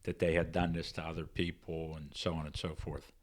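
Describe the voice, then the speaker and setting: An older man with a low, deep voice tells his story in an interview. He acts out each person in the conversation as he goes, with lively back-and-forth. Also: a little fast. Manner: animated, acts out both sides of conversations. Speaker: interview guest.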